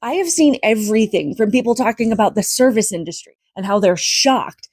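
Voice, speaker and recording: An American woman makes her case in earnest, emphatic casual commentary, stacking example after example. Her voice is husky, and the recording is dry and close. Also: medium pitch, animated, brisk, a little mellow, no echo. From United States. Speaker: social media commentator.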